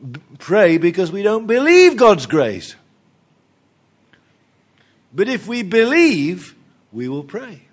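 A man preaching a sermon with humor, acting out little dialogues and chuckling at his own jokes. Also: sits high.

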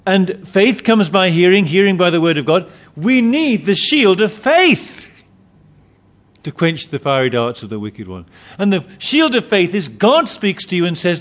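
A man's voice: high-pitched, big pitch swings, unhurried, a bit bright. A man preaching a sermon, emphatic, often repeating and restarting his phrases.

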